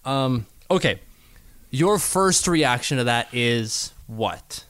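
A man's voice: medium pitch, animated, takes it slowly, fairly bright tone, smooth, no echo. A man co-hosting a casual sports podcast, chatty and rambling, often restarting his sentences. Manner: chatty, rambling, self-correcting. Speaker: podcast co-host.

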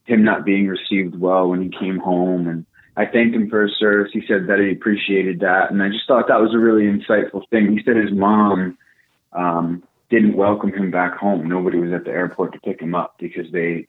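A young man telling a casual story, animated and profane, acting out what people said. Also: deep voice, normal speed. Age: young adult. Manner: animated, profane, acts out quotes. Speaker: podcast co-host. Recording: tinny phone-like line.

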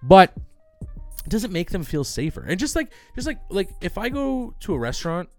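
Animated, lively-pitched young man ranting. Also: moderate pace, faint music behind. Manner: animated, swearing, acts out quotes. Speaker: podcast co-host. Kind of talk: casual banter.

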